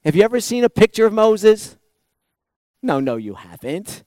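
A pastor preaching a sermon in a lively, animated way, acting out quoted voices and laughing often. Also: male voice, sits high, normal speed, dry recording.

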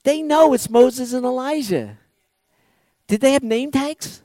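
A man with a high voice preaches a sermon with a lot of energy. He acts out the people he quotes and laughs often. The sound is dry and close. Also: measured pace, mellow, no echo. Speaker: pastor.

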